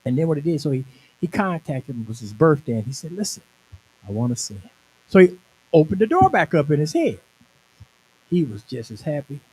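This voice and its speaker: Brief: male minister in his sixties, emphatic testimony sermon, fairly high pitch. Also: sing-song, a little fast, darkish tone, poor audio. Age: 60s. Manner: conversational storytelling, emphatic. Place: conference venue.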